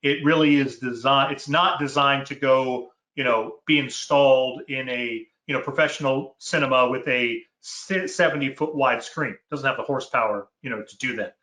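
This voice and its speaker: A man explaining technical design details in a casual chat, measured and full of fillers. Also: medium pitch, steady tone, bright, forceful tone. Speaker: product manager. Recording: roomy echo.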